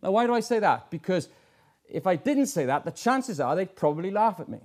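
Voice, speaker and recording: A man's voice: high voice, big pitch swings, fairly quick, darkish tone. A middle-aged man preaching a sermon, earnest, with many fillers and rhetorical questions.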